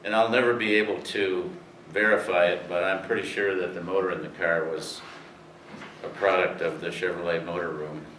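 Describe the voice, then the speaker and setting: A man's voice: sits low, steady tone, normal speed, fairly bright tone. An older man telling rambling racing anecdotes to an audience, with many fillers. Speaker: speaker telling racing history. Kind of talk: storytelling talk to an audience. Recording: roomy, distant, faint hiss.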